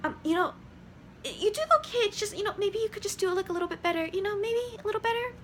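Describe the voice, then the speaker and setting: Woman as a nervous placating dad, stammering and high. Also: fast, a bit bright, a little hiss or hum. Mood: meek. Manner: stammering, pleading. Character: nervous apologetic placating father.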